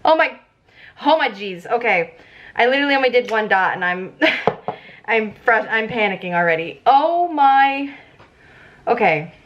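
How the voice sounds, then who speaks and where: A woman's voice: a little high, expressive, measured pace, pauses often, a bit bright, a little hiss or hum. Giggly young woman chatting about makeup. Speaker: beauty vlogger. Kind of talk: casual makeup tutorial chat. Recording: slightly dull lo-fi audio.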